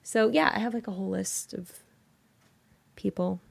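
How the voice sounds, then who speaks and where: A woman's voice: mid-range voice, normal speed, creaky, no echo. A young woman co-hosting a podcast, chatting casually and reading a listener story aloud in an easygoing, giggly, candid way. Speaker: podcast co-host. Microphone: studio mic.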